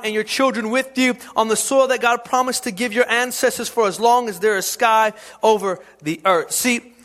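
A middle-aged man preaching a sermon to parents, repeating key lines and rising into sudden shouts. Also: very high voice. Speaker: pastor.

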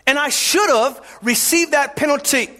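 A middle-aged man preaches with fervent conviction, his voice pitched high and ringing bright. He builds in intensity and breaks into shouts to hammer each point home. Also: normal speed. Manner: impassioned, often shouting for emphasis. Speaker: pastor. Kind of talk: sermon.

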